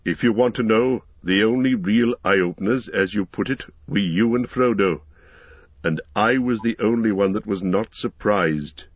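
A man voicing an ancient male wizard, speaking in a grave, measured and authoritative way. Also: fairly low pitch, dry recording, muffled recording.

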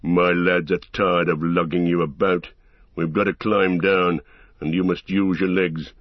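A man's voice: deep voice, flat delivery, a little slow, dry recording. A man voicing a brutal, commanding orc captain who growls out orders, in a dull, muffled recording. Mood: menacing.

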